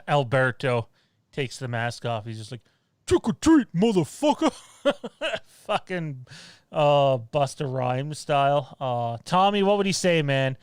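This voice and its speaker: Rambling laughing man, smooth dry voice. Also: mid-range voice, expressive, slow pace, no room sound. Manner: rambling, laughs often, restarts lines. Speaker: podcast host. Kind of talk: casual live-stream chat.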